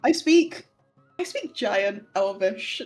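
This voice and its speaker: Husky, eager young woman player. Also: medium pitch, expressive, slow, a little mellow, soft background music. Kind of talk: tabletop role-play chat.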